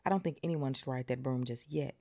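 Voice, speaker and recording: A woman's voice: extremely low pitch, fast talker, dark tone. A woman voicing a bookish, anxious teenage girl witch from a storybook, trying for a prim British-sounding voice. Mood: uneasy. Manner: prim attempt at a British accent.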